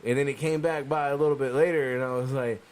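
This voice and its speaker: A man's voice: mid-range voice, fairly even intonation, fast talker, darkish tone, smooth. Man telling a rambling, swear-filled story. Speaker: podcast co-host. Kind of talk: casual beer-tasting chat.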